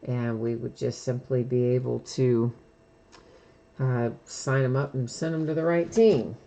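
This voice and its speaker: A woman with a notably low voice talks loosely on a live stream, rambling from topic to topic and breaking into small laughs. She hosts a trading card break in a relaxed, casual chat manner. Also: measured pace, creaky, a little hiss or hum. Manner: chatty, rambling, laughs often.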